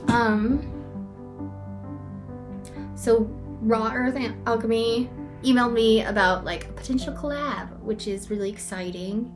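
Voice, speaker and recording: A woman's voice: a little high, unhurried, long pauses, over music. A young woman in a rambling, self-deprecating casual vlog, filling her talk with "like". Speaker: vlogger. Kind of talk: casual talking-head vlog.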